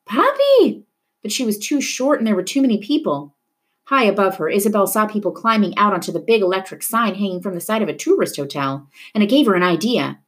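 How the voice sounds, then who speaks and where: A woman reading a children's novel aloud, narrating the story in a steady, expressive way. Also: mid-range voice, slightly rough. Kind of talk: book read-aloud narration.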